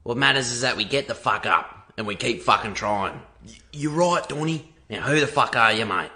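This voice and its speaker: A man playing a gruff guy giving a coarse, swearing pep talk in a played clip. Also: medium pitch, animated, moderate pace, sharp tone. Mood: pumped up.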